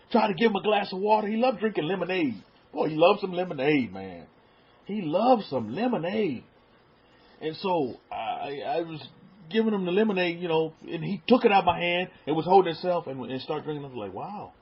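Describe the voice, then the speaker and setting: A middle-aged man preaching in a relaxed, conversational way, stumbling over repeated words and dropping into soft asides. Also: high-pitched, fairly quick. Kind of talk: sermon. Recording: dull lo-fi sound.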